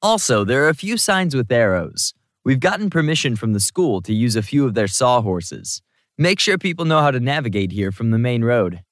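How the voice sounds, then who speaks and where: A man's voice: medium pitch, big pitch swings, normal speed, no room sound, studio quality, natural voice. A man reading an audiobook, voicing a cheerful, playful young man who gives out tasks. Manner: cheerful, chatty.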